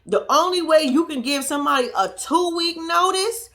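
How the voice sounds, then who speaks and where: A woman's voice: high voice, lively intonation, normal speed, a bit bright. A woman giving a blunt, profane, sassy recap of a reality show in casual chat, laughing often. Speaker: reaction commentator.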